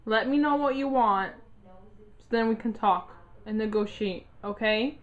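A woman's voice: on the high side, unhurried. A woman at home in her bedroom, talking to her dog in coaxing, teasing baby talk. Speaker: dog owner. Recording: dull lo-fi home video.

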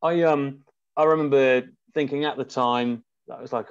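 A man talking as a podcast guest in casual conversation, reflective and halting, often restarting his sentences. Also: mid-range voice, clear, resonant tone, no room sound. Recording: muffled dry remote audio.

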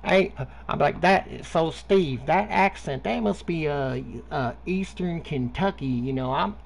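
A man's voice: fairly high pitch, unhurried, vocal fry. A man putting on a folksy rural Southern man with a Southern accent, drawling and playing dumb in a rambling way. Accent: Southern US (put on).

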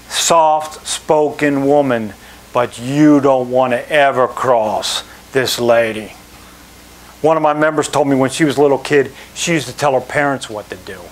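A middle-aged man, a club manager, telling lively anecdotes to an audience and acting out the people he quotes. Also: medium pitch. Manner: animated storyteller, acts out quoted people. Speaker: country club general manager.

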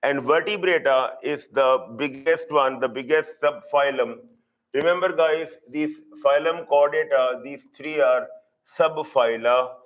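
A man's voice: mid-range voice, a little slow, a bit bright, lo-fi sound. A middle-aged man teaching zoology in a live online class. He repeats key terms several times and keeps checking that students follow.

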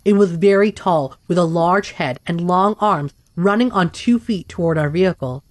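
Female narrator for first-person stories; low-set voice, steady delivery, dry and close. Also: moderate pace, no echo. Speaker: story narrator.

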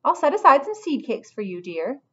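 A woman's voice: high voice, very animated, brisk, highs cut off, pitched above the performer's own voice. Woman doing a doting porcupine cook. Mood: fussing. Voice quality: doting, calls everyone dear. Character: plump fussing motherly female porcupine cook.

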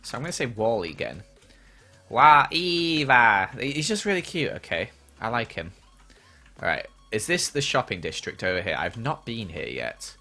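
Lively young man streaming games. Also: on the low side, normal speed, faint music behind. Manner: chatty, reads and answers viewer questions while playing. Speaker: livestreamer. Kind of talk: casual gaming livestream chat.

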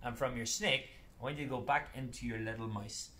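A man's voice: medium pitch, steady tone, brisk, pushed and bright, echoey room, a little hiss or hum. A man leading a live children's PE class, giving playful step-by-step exercise cues. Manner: upbeat, playful, step-by-step cueing. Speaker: children's PE coach. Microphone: camera set back across the room.

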